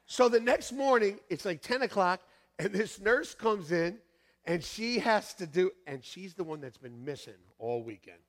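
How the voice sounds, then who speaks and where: A middle-aged male pastor telling a story in a sermon, animated, acting out voices with shouts and laughs. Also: high-pitched, moderate pace. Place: church sanctuary. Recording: long hall reverb.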